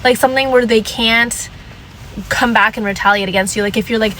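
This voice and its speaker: Young woman vlogger, sassy and emphatic, mid-pitched voice, repeats lines for punch. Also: steady tone, a little fast, a bit bright, a little hiss or hum, poor audio. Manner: drops into mocking voices to quote people. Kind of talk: casual advice rant.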